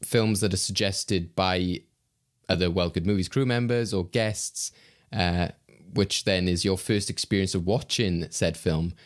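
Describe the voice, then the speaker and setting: Man, podcast host, low voice, jokey, laughs a lot, rambling, casual chat. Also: fairly even intonation, unhurried.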